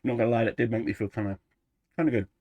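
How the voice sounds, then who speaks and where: A man chatting casually through a life update for his gaming channel, rambling and relaxed, pausing to snack. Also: mid-range voice, no echo, lo-fi sound. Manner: rambling, relaxed, eating snacks while talking. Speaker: gaming YouTuber.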